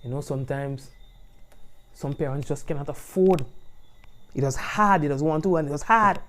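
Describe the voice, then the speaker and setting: A man with a Grenadian accent hosting a live-stream talk show in an animated, chatty way, often checking in with his listeners. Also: on the high side, normal speed. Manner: animated and chatty, often asking "you understand?". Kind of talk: casual talk-show commentary.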